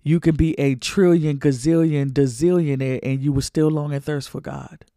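A woman's voice: deep voice, steady tone, moderate pace, mellow, dry recording, studio quality. Emotional, preachy woman podcast host. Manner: emotional, preachy, repeats phrases for emphasis. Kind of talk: faith-based personal podcast talk.

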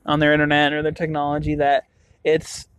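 A man's voice: fairly high pitch, completely flat delivery, fairly quick, a bit bright, smooth. A young man from the western US talking casually on his own, rambling with many restarts and fillers. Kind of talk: casual monologue.

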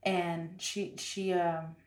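Animated woman telling a story, roomy sound. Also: on the low side, extremely slow. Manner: animated, heavy use of "like". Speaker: guest artist. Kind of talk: casual storytelling in conversation. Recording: roomy, distant from mic.

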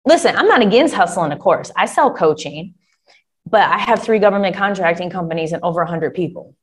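A woman coaching an audience in a lively, chatty way, calling them y'all. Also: on the low side, a little fast. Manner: animated, chatty, addresses listeners as y'all. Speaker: government contracting coach. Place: Michigan.

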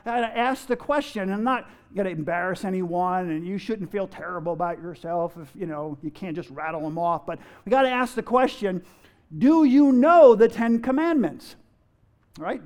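High-voiced man preaching a sermon. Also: darkish tone. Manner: storytelling, emphatic, addresses the congregation. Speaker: pastor. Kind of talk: sermon with a joke.

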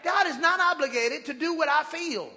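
A man preaching a sermon, calling out to his congregation and drawing out shouted phrases for emphasis. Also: extremely high pitch. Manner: preaching with call-and-response, drawn-out shouted emphasis. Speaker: pastor. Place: church sanctuary with congregation. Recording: reverberant church hall.

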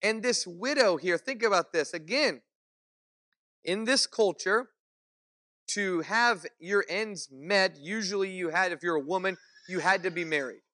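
A man's voice: high voice, unhurried, sharp tone. A man preaching a sermon in a conversational way, explaining and asking the listeners questions.

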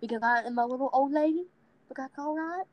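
A woman's voice: high voice, fast talker, darkish tone, no echo, rough recording. A woman from the American South with a Southern accent, chatting casually as a podcast co-host and rambling with frequent asides. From Southern United States. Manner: rambling, self-deprecating, many ums and anyways. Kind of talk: casual chat.

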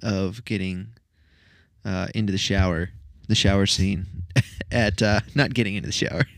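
A man's voice: low-pitched, steady tone, moderate pace, creaky, dry recording, clean studio sound. A man co-hosting a podcast in casual chat, easygoing and wry, often agreeing with his co-host.

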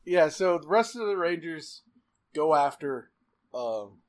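A man in casual chat, rambling excitedly with frequent laughs and fillers. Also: a little high, takes it slowly.

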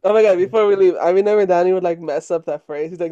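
A teasing young man chats on a podcast in a high, mellow voice and laughs often. The recording sounds slightly dull and muffled. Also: fast talker, smooth. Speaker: podcast co-host. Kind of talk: casual chat.

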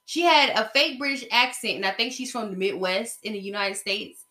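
A podcast host from the American South delivers a casual gossip monologue about reality TV, blunt and chatty, with slang and many fillers. Her voice sits on the high side at a normal speed, pushed and bright, in a roomy-sounding space.

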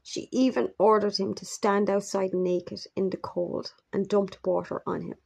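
Gravelly, husky woman narrating true crime. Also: medium pitch, flat delivery, darkish tone. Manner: measured, grave storytelling with brief asides.

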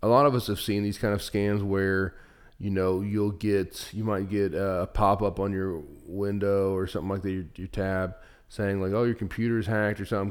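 A young man with a very deep voice co-hosts a casual podcast chat. He rambles through his stories, full of fillers, restarts and "you know"s. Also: clear, resonant tone. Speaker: podcast co-host.

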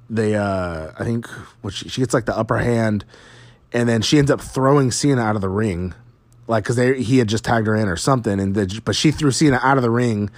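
A man's voice: lowish voice, no echo. A man casually recapping a wrestling show, rambling and swearing, with lots of fillers.

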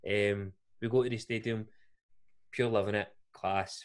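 A man's voice: fairly low pitch, steady tone, moderate pace. A young Scottish man telling a rambling, self-mocking story on a podcast, often laughing at himself. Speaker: podcast co-host. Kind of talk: casual storytelling chat.

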